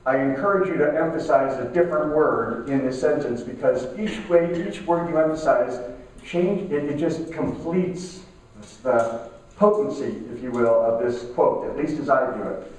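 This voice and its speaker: A middle-aged man gives a conversational motivational talk, slowing down to stress key lines. His voice sits a bit high. The recording is very echoey and picked up from a distance in a conference room. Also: a little mellow. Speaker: keynote speaker. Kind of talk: motivational talk to a live audience. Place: conference room at a networking event. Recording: echoey room, mic from far off.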